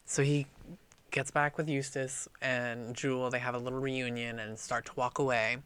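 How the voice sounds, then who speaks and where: A man co-hosting a casual book podcast, retelling the plot in an animated, profane way and acting out the lines. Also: mid-range voice, normal speed, clean tone. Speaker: podcast co-host.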